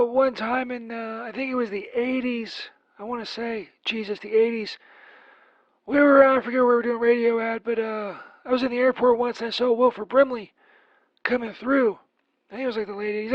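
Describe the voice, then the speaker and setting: A man's voice: extremely high pitch, dry recording, muffled recording. A man voicing a crude, rambling Saint Peter who leaves a profane voicemail full of filler words, as a comedy bit.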